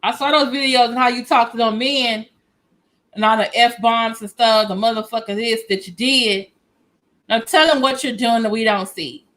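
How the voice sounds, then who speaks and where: A woman giving sassy, animated reaction commentary aimed at the viewer. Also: fairly high pitch, moderate pace, rough recording. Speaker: commentary YouTuber.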